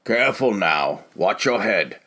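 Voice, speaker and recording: A man's voice: on the low side, expressive, pushed and bright. A man playing a solemn old grandfather. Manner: measured, solemn, rhyming speech. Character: old grandfather, wise elder traveler.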